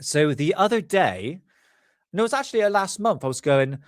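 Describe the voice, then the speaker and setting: Chatty streamer, stuffy nose, mid voice, dry close sound. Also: male voice, high voice, sing-song, normal speed, no echo. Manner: rambling, chatty, self-correcting. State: congested, stuffy sinuses. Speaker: livestream host. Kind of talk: casual livestream commentary.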